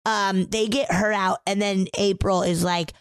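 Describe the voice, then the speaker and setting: A woman's voice: medium pitch, steady tone, unhurried, clear, resonant tone, dry recording, studio quality. A woman co-hosting a podcast, retelling a film plot in blunt, joking casual chat with plenty of swearing. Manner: blunt, swears, jokes, exaggerates. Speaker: podcast co-host.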